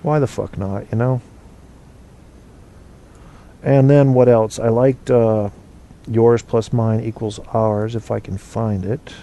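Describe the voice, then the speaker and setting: A man's voice: medium pitch, steady tone, takes it slowly, pauses often, dark tone. A man hosting a casual call-in show, rambling and opinionated with plenty of fillers and restarts. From United States. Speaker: podcast host.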